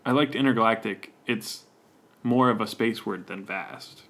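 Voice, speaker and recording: A man's voice: lowish voice, normal speed, gravelly, a bit bright. A man co-hosting a comedy podcast, rambling and joking in casual chat. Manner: rambling, joking, laughs often. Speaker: podcast co-host.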